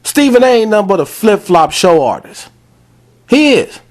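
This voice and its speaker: Male podcast host, higher-pitched voice; fired-up, blunt sports rant aimed at the listeners. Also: big pitch swings, moderate pace. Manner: fired-up, addresses fans directly; blunt, repetitive scolding.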